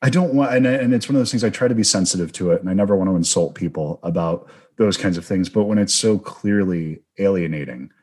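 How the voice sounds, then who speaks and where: A man hosts an interview with a film director and muses at length, circling his points thoughtfully. His voice sits very low and has a slightly husky edge. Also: fast, hardly any pauses, darkish tone. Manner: thoughtful, rambling, reflective. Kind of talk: conversational interview.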